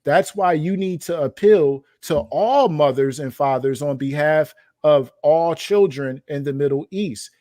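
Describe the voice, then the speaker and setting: This man hosts a commentary show, reacting to documents by reading quotes aloud and then weighing in emphatically with rhetorical questions. His voice is on the high side and warm in tone, with a measured pace and few pauses, recorded at studio quality with no echo.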